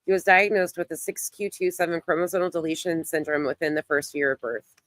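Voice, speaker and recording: A woman hosts a casual livestream in a fairly low voice. She talks bluntly and swears, greeting her chat by name while her voice is wearing out. The sound is dry and close. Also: steady tone, a little fast, a bit bright, dry recording. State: losing her voice. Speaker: livestream host.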